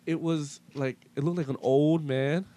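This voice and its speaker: A young man in casual chat, telling a ghost story in a halting way with many restarts. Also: fairly even intonation, mellow. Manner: halting, full of restarts and fillers, low-key.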